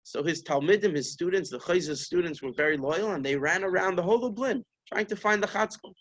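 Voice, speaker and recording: Male rabbi, storytelling sermon; high-pitched, lively, acts out the characters. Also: a little fast. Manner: animated storyteller, voices the story's figures, Yiddish-flavored phrasing.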